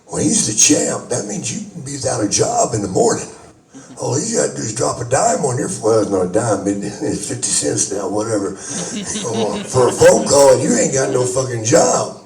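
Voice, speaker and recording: A gravelly-voiced man tells old locker-room stories in a loose, swear-filled way, his pitch swinging up and down as he goes. He sounds roomy and a bit distant, picked up from across an echoing space. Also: big pitch swings, normal speed, a crowd in the background. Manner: profane, swears constantly, laughs through his punchlines. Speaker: wrestler telling locker-room stories to fans. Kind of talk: casual anecdote storytelling.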